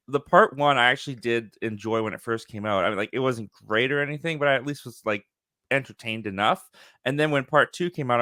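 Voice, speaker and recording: A man's voice: mid-range voice, bright, forceful tone, dry recording, clean studio sound. A man hosting a casual live movie chat show, easygoing and chatty with firm opinions. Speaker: host.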